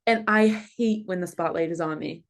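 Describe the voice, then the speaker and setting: A woman hosting a podcast in casual chat, excitable and quick to exclaim and laugh. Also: fairly low pitch. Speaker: podcast host.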